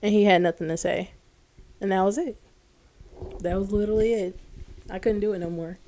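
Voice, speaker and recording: A woman's voice: mid-range voice, fairly quick, a little hiss or hum. A young woman guest on a podcast, casually telling a long personal story and acting out the dialogue. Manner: animated storyteller, acts out quoted dialogue.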